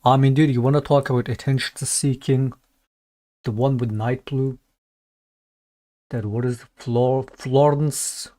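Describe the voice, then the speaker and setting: A man gives a casual, offhand reaction while streaming, cursing now and then and speaking straight to his viewers. His voice sits at an ordinary middle pitch. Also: fairly even intonation, measured pace, pauses often, warm tone. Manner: loose, swearing, talks to the chat.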